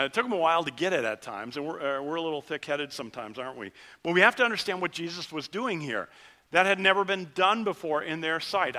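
A middle-aged male pastor with a slightly high voice delivers a conversational sermon, swinging between lively rises and quiet drops.

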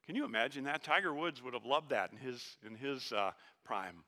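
A man preaching a sermon in a conversational, animated way with jokes and earnest asides. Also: medium pitch, fairly quick, few pauses. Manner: conversational and animated, joking, then hushed and earnest. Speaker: pastor.

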